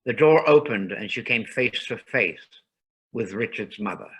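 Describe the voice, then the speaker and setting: A man reading a ghost story aloud in a calm, measured narration. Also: on the low side, slightly rough, poor audio.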